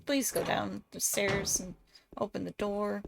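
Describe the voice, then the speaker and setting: A woman's voice: mid-range voice, level tone, unhurried, gravelly, background noise. A woman with an Ohio accent chatting casually and joking with profanity while streaming a game. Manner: joking, profane banter with chat.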